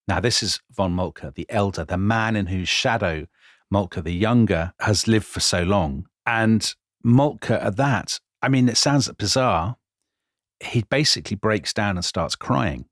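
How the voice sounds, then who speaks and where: A man, a podcast co-host, vividly retelling history in animated chat. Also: fairly low pitch, measured pace, dry recording, clean studio sound. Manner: vivid, dramatic retelling with quoted voices.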